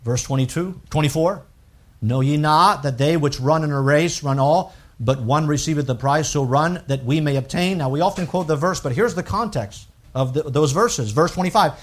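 High-voiced preacher swinging between loud and low. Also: male voice, normal speed. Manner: reads scripture in a rising, emphatic voice; drops low and quiet to explain points. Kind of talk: sermon.

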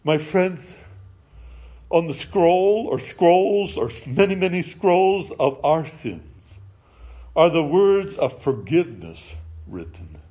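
A middle-aged male pastor preaching a sermon in a slow, measured way, letting his phrase endings drop low and soft. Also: big pitch swings, breathy edge.

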